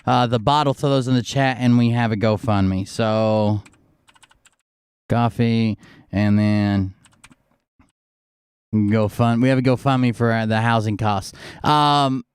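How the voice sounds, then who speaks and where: A man's voice: medium pitch, fairly even intonation, takes it slowly, pauses often, clean tone, no room sound, studio quality. A man hosting a live stream, rambling casually with lots of fillers and swearing, a little sick. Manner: loose, profane, filler-heavy. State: slightly sick. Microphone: close desk mic.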